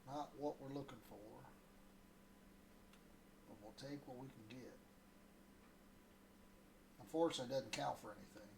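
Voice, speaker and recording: A man's voice: mid-range voice, normal speed, long pauses, background noise. A man from Ohio chatting casually over a fishing game, rambling into stories and chuckling often. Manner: relaxed and rambling, storytelling between casts, chuckles often. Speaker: gaming channel host. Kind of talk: casual gameplay commentary.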